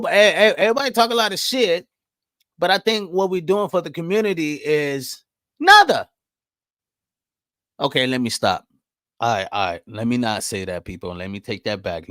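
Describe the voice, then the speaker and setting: A man in his thirties hosting a podcast alone, answering live chat in blunt, profane talk that jumps loud and high when he gets riled. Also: no room sound. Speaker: podcast host. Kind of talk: casual solo commentary reading live chat.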